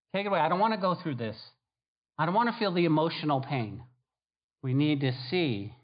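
A man's voice: fairly high pitch, muffled recording. A man, a pastor, preaching a sermon to his congregation. He drives his points home by repeating key phrases. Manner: emphatic, repeats key phrases, acts out quoted voices.

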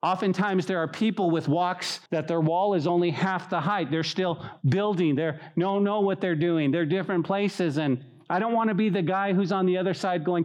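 A male pastor delivering an evening Bible study in a lively, conversational way. His voice sits a little higher than most men's. He keeps turning to his listeners to call them "guys" and jumps into animated bits. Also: moderate pace, few pauses. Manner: animated, acts out mocking voices with high pitch. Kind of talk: sermon.

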